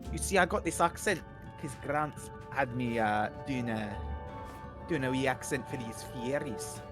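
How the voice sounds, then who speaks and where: A man putting on a Scottish accent as a brash, crude mum persona, talking loudly and rambling. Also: mid-range voice, a little slow, over music, close to an everyday voice. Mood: cheeky. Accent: put-on Scottish. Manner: loud, rambling, vulgar. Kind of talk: casual stream banter.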